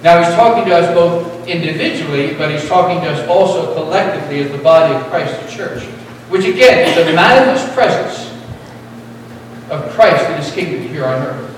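High-voiced preacher in an echoey hall. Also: male voice, animated, moderate pace, recorded from a distance, a little hiss or hum. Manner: preaching with emphatic repetition and rising emphasis. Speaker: pastor. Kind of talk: sermon.

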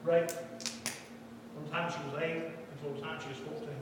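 A man's voice: a little high, level tone, normal speed. Preacher guy, fiery sermon storytelling, ringing church hall, room noise behind. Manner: impassioned storytelling, swelling into loud emphatic cries. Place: large echoey church hall. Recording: distant mic in a large echoing hall.

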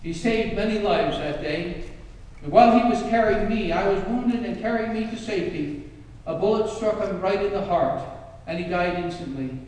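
Dramatic preacher in an echoey hall. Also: male voice, high-pitched, moderate pace, a little mellow. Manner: dramatic, emphatic. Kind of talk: sermon storytelling. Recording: echoey hall, distant mic.

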